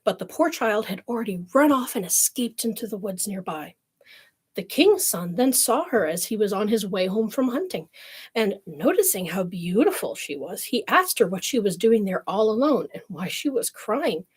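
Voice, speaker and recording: A woman reads fairy tales aloud in a clear storytelling voice, slipping into wry, snarky asides. Her tone is husky and breathy at mid pitch. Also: sing-song, moderate pace. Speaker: storyteller streamer. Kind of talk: reading fairy tales with commentary.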